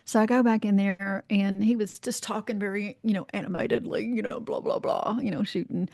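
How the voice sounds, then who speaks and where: A woman from North Carolina spins a lively anecdote as a podcast guest. She acts out the voices of the people in her story, leans on "you know" and swears with ease, at a middle pitch. Her voice sounds close and dry, with no room echo. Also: brisk, creaky. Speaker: guest, life coach. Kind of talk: casual storytelling in a podcast interview.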